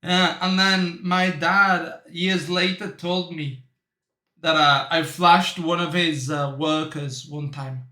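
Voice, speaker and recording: A young man with a high, bright voice tells loose, unhurried stories in a relaxed chat. He laughs a lot and keeps throwing in bro. The room around him sounds echoey. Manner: rambling storytelling, laughs often, says bro. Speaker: reaction streamer. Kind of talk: casual chat.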